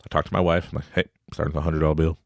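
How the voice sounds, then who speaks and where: A man in his thirties from Canada, hosting a podcast and telling a family story in a casual, animated way, giggling and acting out his son in a high voice. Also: rapid-fire, creaky, no room sound, clean studio sound. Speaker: podcast host.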